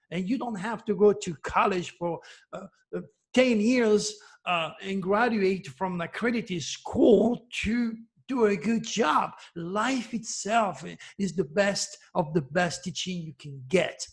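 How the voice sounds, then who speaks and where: A man with a husky voice, pitched fairly high for a man, delivers an emotional solo monologue. He talks in an impassioned, preachy way and hammers his points home by repeating words. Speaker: astrologer host.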